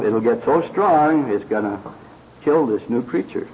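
A man preaching a sermon slowly and earnestly, retelling a fable with quoted voices. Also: mid-range voice, expressive, slight background noise. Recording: dull lo-fi recording.

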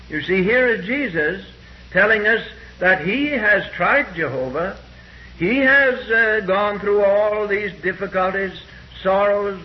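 High-voiced man preaching a sermon. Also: muffled recording. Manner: slow and deliberate when quoting scripture, with frequent "uh" pauses. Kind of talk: sermon with scripture readings.

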